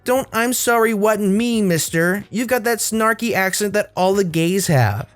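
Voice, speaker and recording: A woman's voice: mid-range voice, animated, a little slow, no room sound, faint music behind, pitched above the performer's own voice, close to an everyday voice. A man voicing an entitled, rude woman customer who talks in a snarky, demanding way.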